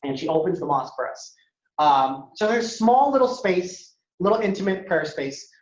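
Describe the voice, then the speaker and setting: A man giving a lively storytelling talk as a guest speaker at a university, acting out dialogue in a casual way. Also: high voice, normal speed. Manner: animated, acts out dialogue, casual. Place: university lecture hall. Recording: echoey hall, dull lo-fi sound.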